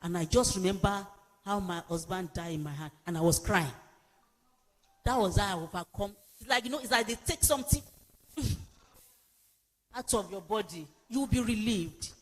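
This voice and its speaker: A woman's voice: medium pitch, moderate pace, pauses often. Emphatic woman preaching, reverberant hall. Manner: emphatic, repeats exhortations. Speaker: pastor and speaker. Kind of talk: sermon-like counselling talk.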